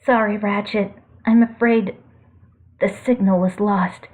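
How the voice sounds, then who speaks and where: A woman voicing a small, calm male robot who speaks in an earnest, formal way. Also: medium pitch, slow pace, close to an everyday voice. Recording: tinny phone-like audio.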